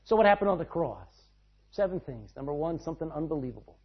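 Husky-voiced preacher man, lo-fi sound. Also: fairly high pitch, very animated, fast. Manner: dramatic swings between loud and hushed. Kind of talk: sermon. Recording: dull lo-fi sound.

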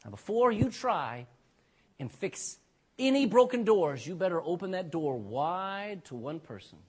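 A pastor with a high, sing-song, slightly slow and breathy voice preaches emphatically. He often ends lines with "amen," repeats "you know," and puts questions to the congregation.

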